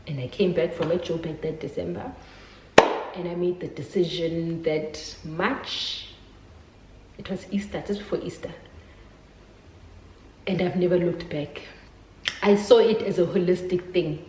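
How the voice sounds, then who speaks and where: A woman's voice: on the low side, normal speed, darkish tone, echoey room, slight background noise, low-quality recording. A woman telling a personal story to her viewers in a candid, emotional way. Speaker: vlogger.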